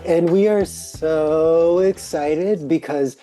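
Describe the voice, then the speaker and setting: A woman's voice: sits low, unhurried, music in the background. A woman co-hosting a podcast, enthusiastically welcoming and introducing a guest. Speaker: podcast co-host. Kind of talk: casual chat, reading a guest bio.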